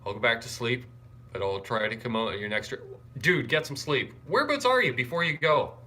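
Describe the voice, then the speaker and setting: A young man chatting casually on a live stream. He greets viewers and reads their comments out loud, and he sounds wired and tired. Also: mid-range voice, expressive, a little fast, slight background noise. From Canada. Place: hotel room.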